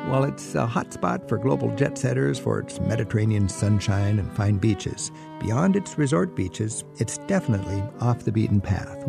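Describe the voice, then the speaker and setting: On his radio travel show, a middle-aged host with a gravelly, warm, medium-pitched voice talks enthusiastically with a guest, laughing quickly and keeping it conversational. He also reads show links into the studio microphone.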